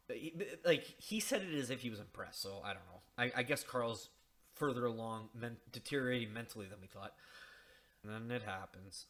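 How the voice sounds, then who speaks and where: A man's voice: medium pitch, animated, brisk, a bit bright. Sarcastic rambling man talking games. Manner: sarcastic, rambling with many restarts; mocking, loose swearing. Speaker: video game commentator. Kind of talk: casual game discussion.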